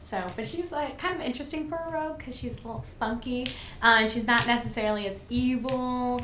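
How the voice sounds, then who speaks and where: A woman with a somewhat high voice talks through her tabletop character, hesitating and filling gaps. The room is echoey, with clear noise behind her. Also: fairly even intonation, brisk, a bit bright. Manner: hesitant, with many fillers. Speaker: player. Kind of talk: casual tabletop game chat.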